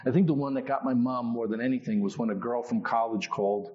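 A man telling his own testimony in a sermon, in a conversational, animated storytelling way. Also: mid-range voice, fast talker, dull audio. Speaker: preacher.

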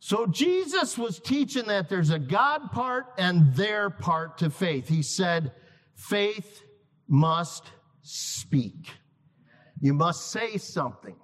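A man preaching a sermon to a congregation, emphatic, repeating key lines slowly for effect. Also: high voice, very animated, fairly bright tone. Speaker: guest preacher. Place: church sanctuary. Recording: long reverb of a large hall.

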